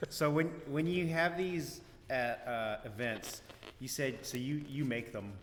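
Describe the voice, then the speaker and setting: Rambling podcast host in roomy echo. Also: male voice, medium pitch, measured pace. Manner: long rambling multi-part questions. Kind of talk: casual interview. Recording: roomy echo, long reverb, faint ambient noise.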